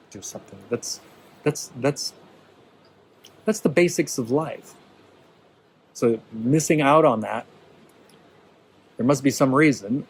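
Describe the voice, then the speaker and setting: A man's voice: medium pitch, breathy edge, poor audio. Male workshop leader, mid-range voice, casual and encouraging, keeps asking "right?". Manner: conversational, checks in with listeners. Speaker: teacher leading a workshop. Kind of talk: informal teaching talk to a small group.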